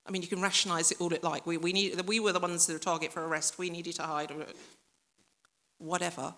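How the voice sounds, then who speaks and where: A woman's voice: on the low side, little pitch movement, fast, fairly bright tone. A woman preacher giving a reflective, conversational sermon that speaks directly to the listeners and acts out voices from the story.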